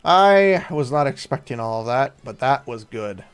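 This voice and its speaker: A male streamer talking through his game live with animated, candid reactions. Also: medium pitch, normal speed, clean tone. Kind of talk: game livestream commentary.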